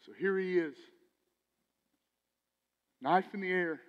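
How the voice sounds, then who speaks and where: A man preaching a sermon as pastor, animated, swinging between loud emphasis and quiet asides. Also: sits high, slow, dull audio. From Texas. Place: church sanctuary. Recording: church hall with long reverb.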